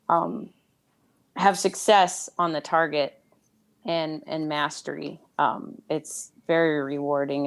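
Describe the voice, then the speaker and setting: A woman with a low voice for her sex, speaking as a guest in a relaxed talk. She explains things thoughtfully and at a measured pace. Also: gravelly. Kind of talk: casual conversation.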